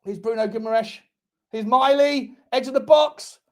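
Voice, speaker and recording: Young male fan-channel host, high-pitched, excitable live match caller who shouts and swears. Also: normal speed. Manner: talks to viewers directly. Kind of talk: live football watchalong commentary.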